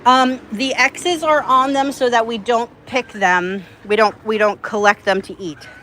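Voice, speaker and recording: A woman keeping ducks, talking casually outdoors and coaxing her birds in a high voice. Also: fairly even intonation, unhurried, a bit bright, a little hiss or hum, poor audio. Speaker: duck keeper. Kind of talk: casual farm vlog talk. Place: outdoors by duck pens.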